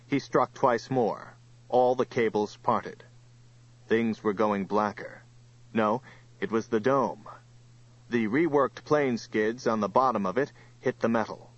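A man reading an audiobook in steady, even scripted narration. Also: mid-range voice, no echo, highs cut off.

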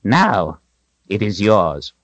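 A man voicing an old, bony male wizard who is proud and cryptic, talking in high proclamations and secretive asides. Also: sing-song, drawn-out words, no echo, dull audio, exaggerated voice. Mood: wry, knowing.

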